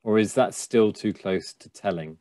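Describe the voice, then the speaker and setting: A man hosting a live writing Q&A, relaxed and hesitant, reading out viewer questions. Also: on the low side, moderate pace, no echo. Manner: relaxed, affirming, hesitant with fillers. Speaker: host. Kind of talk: live Q&A chat.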